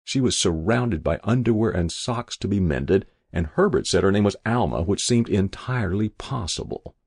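A man's voice: lowish voice, expressive, moderate pace, gravelly, darkish tone, husky, no room sound. A man reading a first-person story aloud in a wry, dry storytelling manner. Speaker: narrator. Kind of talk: audiobook narration.

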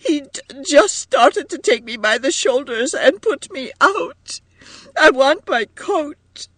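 A man doing a shrill, tearful young wife. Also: expressive, slow, a bit bright, no room sound, full character voice. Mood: wailing. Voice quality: shrill, wailing.

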